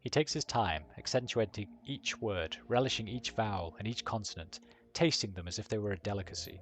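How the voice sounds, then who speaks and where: A man's voice: lowish voice, animated, a little fast, slightly rough. A man streaming a game live, reading its text and dialogue aloud with joking asides.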